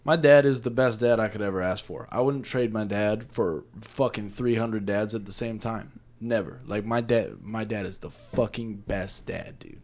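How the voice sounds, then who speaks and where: A man's voice: fairly low pitch, moderate pace, hardly any pauses, darkish tone. A young man co-hosting a casual chat, emphatic, swearing a lot and saying dude and bro. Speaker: podcast co-host.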